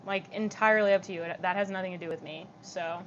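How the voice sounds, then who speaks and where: A young woman with vocal fry chatting on a livestream, reading comments out loud and answering them in a giggly, casual way. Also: fairly low pitch, fairly even intonation, quick pace, lo-fi sound, a little hiss or hum.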